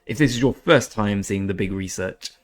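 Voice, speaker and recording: A man's voice: lowish voice, normal speed. A man hosting a gaming channel, giving chatty, self-deprecating commentary over his gameplay.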